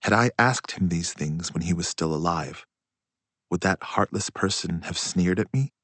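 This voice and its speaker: A man reading a literary story aloud in a slow, hushed and reflective way. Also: low voice, no room sound. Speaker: audiobook narrator. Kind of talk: literary audiobook narration.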